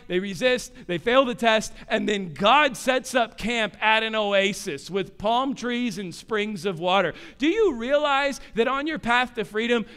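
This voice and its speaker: A male pastor preaching with passion, asking the room rhetorical questions and swinging between hushed low asides and loud emphatic rises. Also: clear, resonant tone. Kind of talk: sermon.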